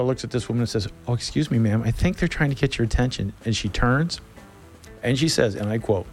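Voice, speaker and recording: A middle-aged man hosting a radio show, telling a casual story in a folksy, animated way. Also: medium pitch, brisk, faint music behind. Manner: animated, folksy, laughs between lines. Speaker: radio host.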